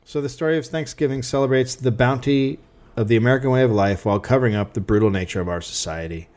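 A man co-hosting a comedy podcast, telling a dark history story in a sardonic, profane way. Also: mid-range voice, fast.

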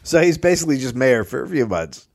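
Dude on a comedy history podcast reading his notes, lively swoopy delivery, dead dry studio sound. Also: mid-range voice, fast talker, gravelly, no room sound. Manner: reads researched notes with wry asides. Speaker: podcast co-host presenting the story.

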